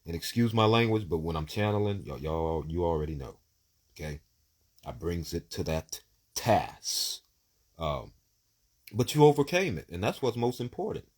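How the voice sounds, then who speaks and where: A low, husky male voice doing a casual livestream psychic reading. He preaches with emphasis, swears often, and stacks words and lists in quick bursts. The voice is deep and a little rough. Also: big pitch swings, a little mellow. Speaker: psychic giving live readings.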